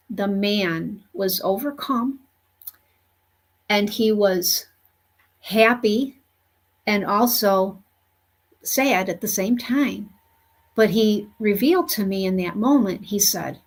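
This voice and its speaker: A woman speaks at a slow, unhurried pace, recounting her experience earnestly. Her pitch sits in a middle register, and she fills her talk with "you know" as she shares the story as a spiritual medium. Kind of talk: storytelling monologue.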